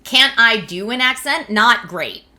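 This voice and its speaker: Streaming from home in California, a woman originally from the Philadelphia area reads viewer comments and laughs a lot in a casual chat. She has a fairly high, expressive, sharp-toned voice and speaks at a measured pace.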